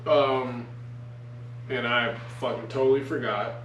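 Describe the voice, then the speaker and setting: A man's voice: mid-range voice, steady tone, a little slow, a bit bright, echoey room. Man, casual storytelling, profane, rambling, lots of fillers, distant mic, faint background noise.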